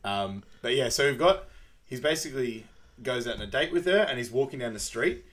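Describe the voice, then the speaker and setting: A man's voice: mid-range voice, lively intonation, brisk, a bit bright. A man co-hosting a podcast, chatting casually over a video call, rambling loosely and laughing often. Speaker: podcast co-host. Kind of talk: casual chat.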